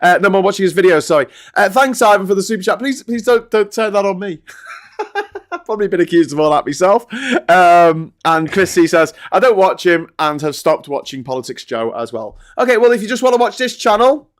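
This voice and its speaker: A man's voice: high voice, lively intonation, a little fast. A man hosting a casual live stream, chatty and laughing easily as he reads out viewer comments. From Britain. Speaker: host.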